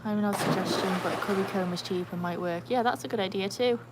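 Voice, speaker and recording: A British woman talks quickly in a medium-pitched voice while livestreaming casually from poolside. Chatty, she reads viewers' comments and coaxes her dogs over heavy noise from splashing water and barking.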